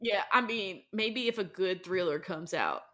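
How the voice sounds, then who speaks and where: A young woman co-hosting a casual book podcast, animated and laughing often as she acts out characters in quick quoted voices. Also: medium pitch. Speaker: podcast co-host. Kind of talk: casual chat about a book.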